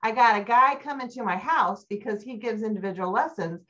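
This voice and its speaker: A middle-aged woman giving a motivational keynote talk, telling stories with animated energy and climbing high when excited. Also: brisk. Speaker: keynote speaker. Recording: dull lo-fi recording.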